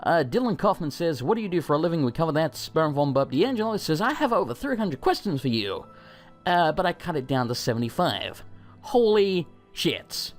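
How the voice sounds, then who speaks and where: A young man chats casually at his home mic, his pitch swinging widely as he jokes and swears through viewer questions. His delivery is loose and self-mocking. Faint game music plays underneath. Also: very animated, a little fast. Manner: loose, profane and self-mocking, reading out questions then rambling answers. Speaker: channel host answering viewer questions. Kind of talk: casual Q&A with gameplay in background.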